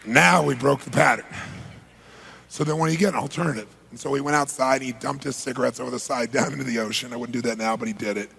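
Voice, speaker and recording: Male seminar speaker, rough and raspy, with an animated storytelling style and shouted reenactments. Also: mid-range voice, fast talker. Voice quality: raspy, gravelly. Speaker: motivational speaker.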